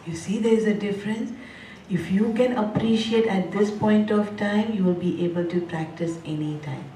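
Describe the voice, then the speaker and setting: This spiritual teacher, a woman with a mellow mid-range voice at a moderate pace, delivers a humorous spiritual discourse. Playful and chatty, she laughs a lot and rhythmically repeats words, while a distant mic in an echoey hall picks up slight background noise.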